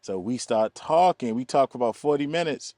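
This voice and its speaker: Man from telling lively stories. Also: medium pitch, fairly quick, no echo. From East Baltimore, USA. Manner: animated, acts out quoted voices, laughs often. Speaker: film producer, guest. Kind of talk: casual interview storytelling.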